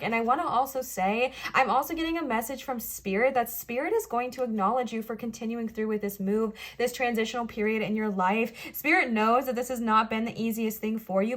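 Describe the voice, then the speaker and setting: A woman reads tarot cards straight to her viewers in a voice set a little high. She talks fast, gushing and reassuring as she passes on each message. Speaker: tarot reader. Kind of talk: pick-a-card tarot reading to camera.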